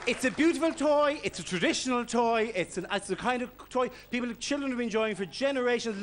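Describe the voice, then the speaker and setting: Brief: Irish man doing stand-up, animated, shouty bursts, high voice, noisy live recording. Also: brisk, hardly any pauses, some chatter behind. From Ireland. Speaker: stand-up comedian. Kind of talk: stand-up comedy set.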